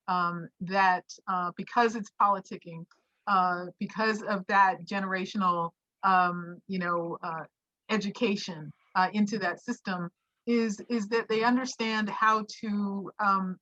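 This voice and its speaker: A woman on a panel, thinking aloud in a halting way with many fillers. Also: mid-range voice, pushed and bright, no room sound. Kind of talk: panel discussion. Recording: dry close lo-fi audio.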